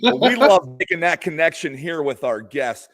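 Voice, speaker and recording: A man's voice: fairly high pitch, sing-song, normal speed, over a noisy crowd. A man co-hosting a wrestling podcast in a studio, asking a guest friendly questions. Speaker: podcast co-host. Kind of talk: casual interview chat.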